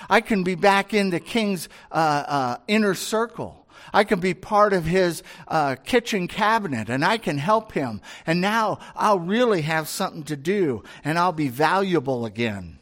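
A man's voice: sits high, animated, a little slow, hardly any pauses, fairly bright tone. A man voicing a principled prophet who refuses rewards, in the middle of a sermon. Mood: eager. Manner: firm, dismissive of rewards. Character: unimpressed, principled male prophet.

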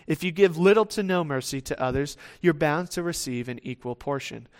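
A man with a high-pitched voice preaches a sermon. He talks in a conversational way and slips into quoted voices as he goes. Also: brisk, clear, resonant tone.

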